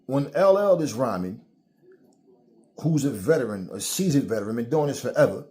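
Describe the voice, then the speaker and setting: A middle-aged man holds forth in a loose vlog rant, swearing freely and slipping into mock quotes of other people. His voice sits at an ordinary pitch for a man, and the talk runs as casual storytelling aimed at his viewers. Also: animated, moderate pace, dark tone. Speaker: channel host.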